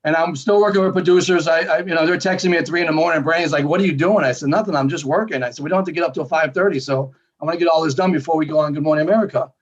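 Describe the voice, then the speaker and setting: A man telling a personal story in a casual, animated way, acting out the lines of the people in it. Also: fairly high pitch. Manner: animated, quick storytelling with quoted dialogue. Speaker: guest storyteller. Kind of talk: casual anecdote. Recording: dull lo-fi sound.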